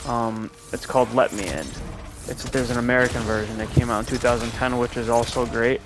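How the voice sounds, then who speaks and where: A man's voice: medium pitch, steady tone, brisk. A young man casually commenting while playing a game, telling rambling, profane stories in a laid-back way. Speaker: gameplay commentator. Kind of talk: casual gameplay commentary with storytelling. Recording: noisy background.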